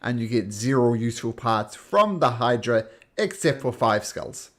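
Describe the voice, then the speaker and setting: Male game master, mid-pitched voice, relaxed descriptive narration. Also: normal speed, a little hiss or hum.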